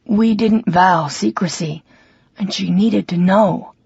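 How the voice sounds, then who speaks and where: A blunt, tipsy young man with a lowered, husky voice, as a woman narrator plays him. He talks plainly and heavily in an audiobook scene. The studio recording is dry and a bit muffled. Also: steady tone, normal speed, a little mellow, dry recording. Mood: subdued. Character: drunk, blunt young man, resentful brother. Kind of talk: audiobook character voice.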